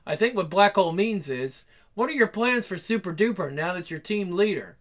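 A woman voicing a gentle, motherly member of a hero team in a game, soothing and patient. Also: medium pitch, expressive, normal speed, lightly acted. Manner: soothing, patient, soft-spoken. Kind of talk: game cutscene acting.

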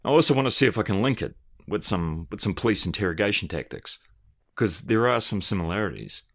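A man's voice: lowish voice, animated, a little fast, fairly bright tone. A man giving a rambling, earnest and emphatic commentary, often restarting his phrases. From Australia.

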